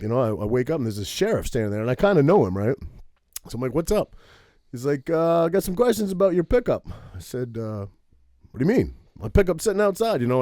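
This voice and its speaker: A mid-range male voice belongs to a podcast co-host from Maine, who tells a long story casually and profanely, animated and full of "right?" tags. It's a dry recording of studio quality.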